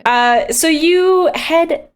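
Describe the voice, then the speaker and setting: A woman's voice: very high voice, very slow. A woman narrating scenes as game master of a tabletop game, easygoing and descriptive, with small chuckles.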